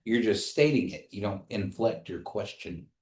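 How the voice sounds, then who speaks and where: A man teaching a language class, speaking slowly and patiently and repeating phrases for his students to say back. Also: lowish voice, lively intonation, darkish tone, roomy sound.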